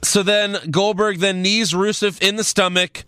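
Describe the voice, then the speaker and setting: A man's voice: sits high, little pitch movement, measured pace, bright, forceful tone, clear, resonant tone, no room sound, studio quality. A man recapping last week's wrestling on a casual podcast, telling it like a story with wry asides. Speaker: podcast co-host.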